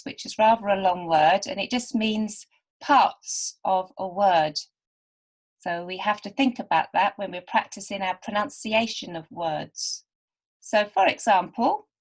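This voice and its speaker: A woman teaching beginner literacy students, patiently sounding out and repeating words. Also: mid-range voice. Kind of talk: slow, careful teaching to beginners.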